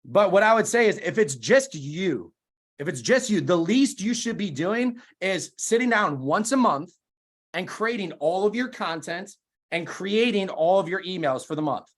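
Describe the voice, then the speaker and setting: A man's voice: high voice, lively intonation, normal speed. A man giving an emphatic motivational talk on a video call, firing off rhetorical questions. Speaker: guest speaker.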